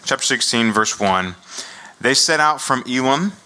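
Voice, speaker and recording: A man's voice: mid-range voice, lively intonation, measured pace, bright, forceful tone. A middle-aged man giving a casual sermon, reading scripture and talking it through with many fillers and laughs. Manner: conversational, laughs often, many fillers and restarts. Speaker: preacher.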